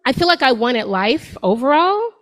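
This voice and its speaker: A woman's voice: high-pitched, very animated, moderate pace, fairly bright tone, low-quality recording. A woman in her forties doing a stand-up set on a comedy club stage, talking to the crowd in a sassy, conversational way. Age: 40s.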